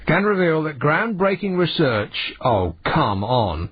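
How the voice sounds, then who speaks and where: A sardonic man hosting a late-night radio phone-in, scoffing his way through the news. His voice is a touch husky and lifts and drops a great deal. The broadcast audio is dull and lo-fi. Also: a little high, sing-song, normal speed, hardly any pauses, no echo. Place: radio studio.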